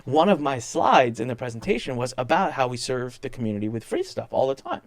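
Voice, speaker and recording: A man's voice: medium pitch, fairly quick, dry recording. A man telling a story in casual chat as a guest, acting out the people he quotes and often restarting his sentences. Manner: animated, acts out quoted people, many restarts.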